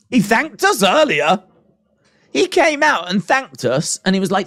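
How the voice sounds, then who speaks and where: A man's voice: high-pitched, big pitch swings, a little slow, bright, forceful tone, no room sound, studio quality. A man casually commenting on a live show for his viewers, joking and sarcastic, reading out chat messages. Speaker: wrestling watch-along streamer. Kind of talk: live-stream reaction commentary.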